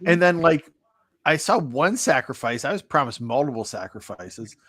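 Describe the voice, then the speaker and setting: A man's voice: on the high side, animated, moderate pace, a bit bright, dry recording. A man chatting casually as a podcast co-host about a bad monster movie, rambling and sarcastic. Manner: rambling, sarcastic, acts out quotes. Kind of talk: casual movie review chat.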